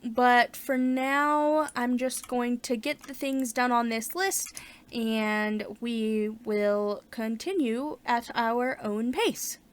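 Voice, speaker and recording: एक महिला अपना गेम खेलते हुए बातचीत के अंदाज़ में कमेंट्री करती है, ज़ोर से सोचती है और बीच-बीच में उत्साह से उछल पड़ती है।. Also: female voice, fairly high pitch, takes it slowly, clear, resonant tone. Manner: chatty, thinks aloud, bursts of excitement. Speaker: gaming channel host. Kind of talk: casual let's-play commentary.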